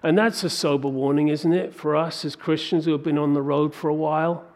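Gravelly-voiced man preaching a sermon. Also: a little high, brisk. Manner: animated preaching with rhetorical questions. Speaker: pastor.

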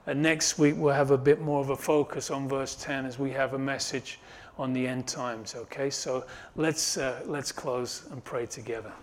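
A male pastor preaching a sermon, building up loud on key points and dropping soft at the close, with frequent restarts. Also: steady tone, normal speed, slight background noise. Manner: rises and swells when stressing a point, then drops low and soft; repeats and restarts phrases while preaching.

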